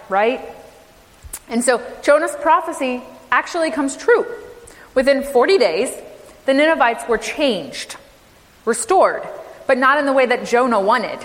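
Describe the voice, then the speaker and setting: A fairly high-voiced woman preaches with emphatic rhetorical questions, her sermon ringing with the long reverb of a church sanctuary. She speaks as a minister addressing a congregation.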